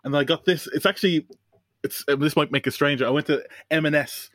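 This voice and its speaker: A man's voice: fairly high pitch, fairly quick, a bit bright, dry recording, studio quality. A young man co-hosting a podcast, playfully defending himself in casual banter. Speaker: podcast co-host.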